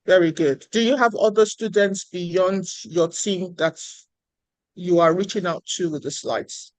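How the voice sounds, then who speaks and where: A woman's voice: on the low side, a little slow, darkish tone, no room sound, rough recording. A woman professor hosting an online meeting, praising and encouraging students. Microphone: video call.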